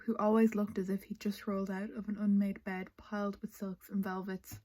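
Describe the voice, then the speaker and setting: A woman chatting casually in a book vlog, excitable and gushing, with exasperated asides. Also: mid-range voice, normal speed, hardly any pauses, slight background noise, poor audio. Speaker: book vlogger.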